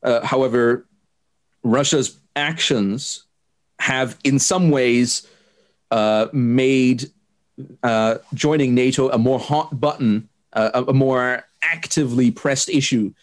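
A man answering interview questions, laying out his view in a careful, measured way and pausing often with hesitant fillers. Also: medium pitch. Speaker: interviewee explaining politics. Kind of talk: unscripted explanatory interview.

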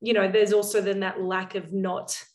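A woman's voice: medium pitch, level tone, moderate pace, darkish tone, echoey room. A woman hosting a podcast, talking in an agreeable, reflective, chatty way. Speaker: podcast host. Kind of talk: casual interview talk. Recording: voice a bit far from the mic.

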